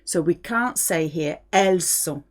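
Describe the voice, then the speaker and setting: Woman teaching a language lesson, middle-aged, unhurried delivery, expressive rise and fall, clear patient explaining. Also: fairly low pitch. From France. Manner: clear, patient explaining with modelled French phrases. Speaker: French teacher.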